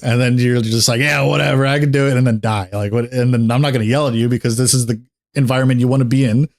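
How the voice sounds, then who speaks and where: A man's voice: mid-range voice, fast. A man streaming a game and chatting casually, telling stories bluntly and acting out other people's lines. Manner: animated storyteller who acts out what others said. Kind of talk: casual chat while gaming.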